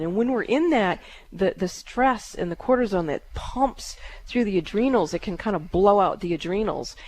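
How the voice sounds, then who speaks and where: A woman hosting a call-in psychic radio show, giving calm, halting readings with many fillers. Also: mid-range voice.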